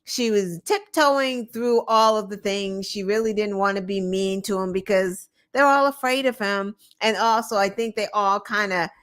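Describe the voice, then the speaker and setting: A woman's voice: medium pitch, moderate pace, hardly any pauses, a bit bright. A woman hosting a show, giving casual, sarcastic political commentary with lots of filler words. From United States. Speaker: show host.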